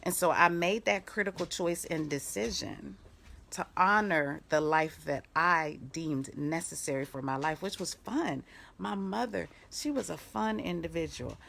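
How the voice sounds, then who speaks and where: A low, gravelly-voiced middle-aged woman talks live as a life coach. She tells stories in an animated way, breaking into quick laughs, then turns firm and direct when she gives commands. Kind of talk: motivational live video talk.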